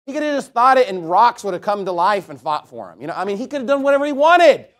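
A pastor preaching bluntly and emphatically, with loud and quiet stretches and slow, solemn scripture reading. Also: male voice, sits high, big pitch swings. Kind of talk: sermon.

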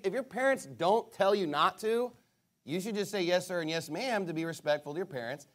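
A man preaching a sermon as pastor, playing a call-and-response game with children and talking playfully to the congregation. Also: high voice. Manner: lively, playful with kids, calls out to the crowd.

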